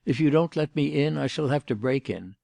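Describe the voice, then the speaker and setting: A male audiobook reader voicing a gruff, impatient police inspector who grumbles and issues demands. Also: on the high side, expressive, fairly quick, dark tone, dry recording, pitched above the performer's own voice.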